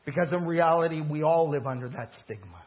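A man's voice: on the high side, lively intonation, brisk. A man preaching a sermon as the pastor, rising in emphasis and acting out quoted voices. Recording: muffled lo-fi church recording.

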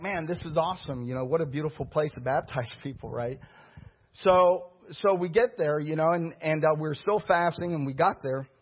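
A man preaching a sermon, telling stories in a lively, conversational way to his congregation. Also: on the high side, husky. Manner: storytelling preacher, animated and conversational. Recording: dull lo-fi recording.

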